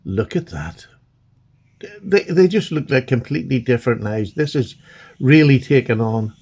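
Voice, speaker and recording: A gravelly, husky man, talking in an excitable, gushing way. He chats casually and warmly straight to the viewer, as though showing off a collection. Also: mid-range voice. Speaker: knife collector vlogger. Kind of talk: casual unboxing chat.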